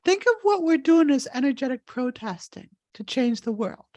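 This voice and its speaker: A woman's voice: high-pitched, animated, normal speed, mellow, muffled recording. A woman hosting a live healing session over a video call, talking in an earnest, rambling way while crying. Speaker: spiritual healer and host.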